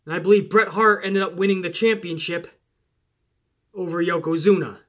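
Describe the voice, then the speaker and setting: A man hosting a casual wrestling podcast, animated and chatty, swearing and talking straight to his listeners. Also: sits high, moderate pace. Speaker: podcast host.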